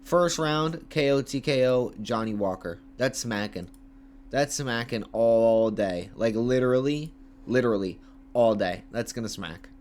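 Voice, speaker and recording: A young man livestreaming casual commentary, talking in hyped, repetitive bursts with slang and shout-outs to viewers. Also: mid-range voice, a little slow. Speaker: MMA livestreamer.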